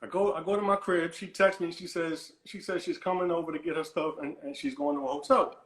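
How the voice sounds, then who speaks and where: Male caller, higher voice, rambling storyteller, roomy echo on the line. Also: brisk, gravelly, a bit bright. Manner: rambling, repeats and restarts words, dismissive "whatever". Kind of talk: animated storytelling on a call-in show.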